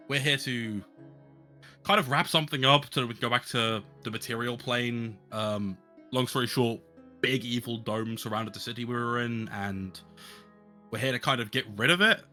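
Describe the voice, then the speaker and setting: A man's voice: medium pitch, normal speed, sharp tone, faint music behind, natural voice. A man playing a blunt, foul-mouthed adult male adventurer in a tabletop game. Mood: casual. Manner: blunt and profane.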